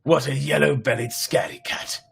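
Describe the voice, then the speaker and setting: A man voicing a young girl in a mask whose voice comes out gruff and low, taunting her brother. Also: steady tone, moderate pace, fairly bright tone, faint music behind, full character voice. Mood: scornful.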